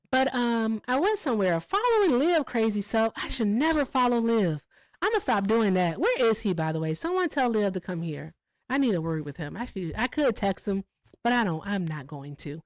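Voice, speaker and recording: A woman hosting a casual livestream, telling stories in a profane, animated way with sudden jumps in pitch. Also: moderate pace, no room sound, poor audio. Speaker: livestream host.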